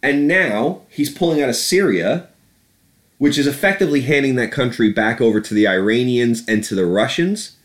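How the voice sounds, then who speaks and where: A man's voice: medium pitch, moderate pace. A man ranting about politics on a podcast, profane and sarcastic. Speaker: podcast host. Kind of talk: casual political rant.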